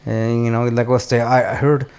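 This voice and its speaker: With a smooth, medium-pitched voice at a moderate pace, a man tells a lively story on his podcast. It's a casual conversation full of frequent swearing, bits of Spanish, and plenty of "dude" and "bro."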